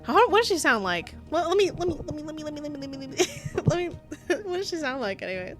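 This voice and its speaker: A woman's voice: high voice, big pitch swings, quick pace. Young woman, let's play, casual, profane, laughing, faint music behind. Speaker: streamer playing a visual novel. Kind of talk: let's play commentary and reading aloud.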